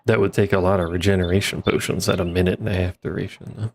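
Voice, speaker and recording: Male streamer, lowish voice, easygoing rambling play-by-play, wry humor, desk mic. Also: steady tone, fast, darkish tone. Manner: laid-back, rambling, wry asides to himself. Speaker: streamer playing a modded block-building game. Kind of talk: casual gameplay commentary.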